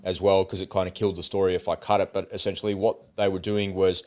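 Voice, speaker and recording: A man hosting a casual talk show retells a video he watched, relaying it at length like a story. His voice is deep and darkish, his delivery flat, and he talks fast.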